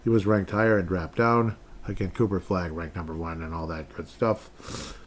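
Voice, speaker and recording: A man with a slightly low voice hosts a casual sports podcast on his own. He rambles, laughs often and bursts into mock outrage. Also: fairly even intonation, normal speed, a little hiss or hum. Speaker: podcast host.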